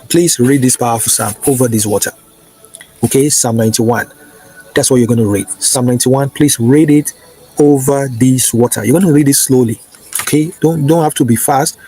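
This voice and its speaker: A man delivers spiritual instruction with a husky, mellow voice. He coaxes listeners step by step, leaning on repeated "okay" and "right," then slows into steady, declarative prayer lines. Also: medium pitch, poor audio. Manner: repetitive, coaxing, peppered with "okay" and "right". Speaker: spiritual teacher. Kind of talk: instructional preaching to camera.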